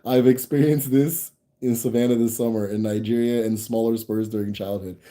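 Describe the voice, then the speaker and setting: A man's voice: mid-range voice, steady tone, moderate pace, dark tone. A young American man hosting a casual livestream, reading viewer comments and rambling with restarts and laughs. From United States. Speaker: channel host answering viewer comments.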